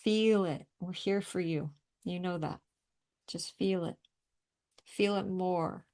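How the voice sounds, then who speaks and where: This woman's voice sits on the low side, with a slow pace and a darkish tone. She's an energy healing facilitator leading a group clearing session, urging people through breathing and tapping with blunt, emphatic encouragement and occasional swearing.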